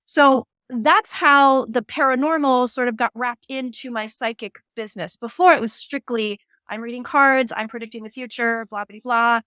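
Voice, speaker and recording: Lively woman telling a medium story. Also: a little high, normal speed, hardly any pauses, smooth, no room sound. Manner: animated, quotes people in little voices. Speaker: guest medium and tarot reader. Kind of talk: casual storytelling.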